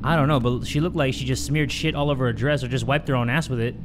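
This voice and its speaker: A man doing let's play commentary as a gaming YouTuber, joking crudely and yelling at the game. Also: medium pitch, steady tone, quick pace, background noise.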